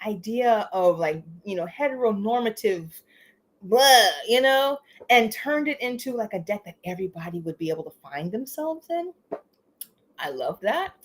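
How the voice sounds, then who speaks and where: A woman hosting a casual live stream, talking in an animated, chatty way, laughing often and tagging lines with "you know" and "okay?". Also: mid-range voice. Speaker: livestream host. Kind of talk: casual livestream chat.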